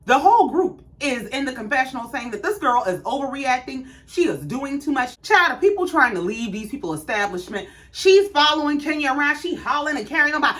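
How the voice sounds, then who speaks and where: Brief: woman, reality recap host, lively, higher voice, blunt and cussing. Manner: sassy, blunt, profane storytelling. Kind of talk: casual reality show recap.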